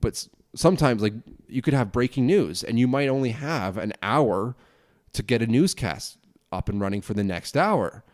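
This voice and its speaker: A young man hosting a casual solo podcast, rambling quickly with lots of restarts and swearing. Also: medium pitch, animated, darkish tone, dry recording, studio quality. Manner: fast rambling talk, frequent swearing and restarts. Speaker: podcast host and broadcasting student.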